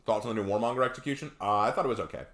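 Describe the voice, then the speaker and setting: A man's voice: lowish voice, rapid-fire, a bit bright. A man chatting casually on a live stream, reading viewer comments aloud and telling laid-back stories.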